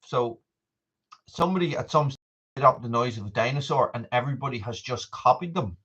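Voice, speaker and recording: A man chatting loosely through a live stream, wandering from topic to topic and calling out to viewers by name. His voice sits at an ordinary middle pitch, and the stream audio sounds dull and lo-fi. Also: lively intonation, brisk, bright, forceful tone, breathy edge. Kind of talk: casual live stream chat.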